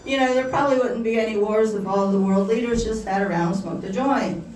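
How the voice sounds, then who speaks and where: A woman's voice: medium pitch, darkish tone. Giggly woman doing stand-up from afar. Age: young adult. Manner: halting, giggly delivery with frequent laughs. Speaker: stand-up comedian. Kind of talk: stand-up comedy set at an open mic. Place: small shop hosting a comedy night. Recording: roomy, distant mic with faint background noise.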